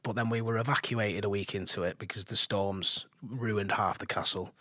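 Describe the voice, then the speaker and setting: Low-voiced man telling lively stories. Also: moderate pace, no echo, clean studio sound. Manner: animated storytelling, laughs often. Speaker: guest. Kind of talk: casual chat. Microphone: studio mic.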